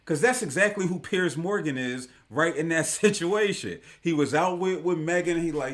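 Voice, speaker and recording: A man's voice: fairly high pitch, lively intonation, moderate pace, hardly any pauses. A man hosting a live online talk show, giving casual commentary in an emphatic, slangy way and repeating his points for effect.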